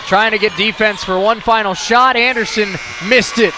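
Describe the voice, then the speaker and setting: A man calling a basketball game play-by-play, shouting excitedly and a little out of breath. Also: high-pitched, moderate pace, few pauses. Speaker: play-by-play announcer. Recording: broadcast with loud crowd and music behind. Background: crowd noise and music.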